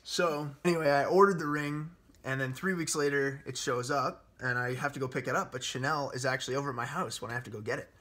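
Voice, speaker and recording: A young man in his twenties telling a story in a casual chat, animated and laughing often. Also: medium pitch, fast, slight background noise.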